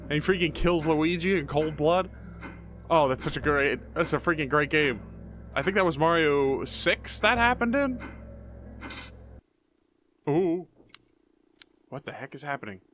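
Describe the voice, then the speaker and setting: A young man narrates his horror game playthrough in a goofy, jumpy way. His voice sits fairly high and bright and swings widely. He mutters under his breath between sudden startled shouts. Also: lively intonation, unhurried, pauses often, slight background noise. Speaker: gaming YouTuber.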